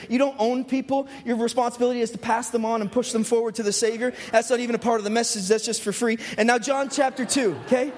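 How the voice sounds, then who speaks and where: A man preaching a lively sermon, joking with the congregation and often asking rhetorical questions. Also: very high-pitched. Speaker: pastor. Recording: hall with long reverb.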